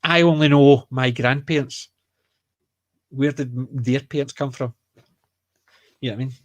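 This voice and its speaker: A man's voice: medium pitch, fairly even intonation, moderate pace, no room sound. A Scottish man with a Glaswegian accent, co-hosting a casual chat, rambling and joking as he restarts his sentences. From Scotland. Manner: rambling, self-correcting, joking. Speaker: podcast co-host.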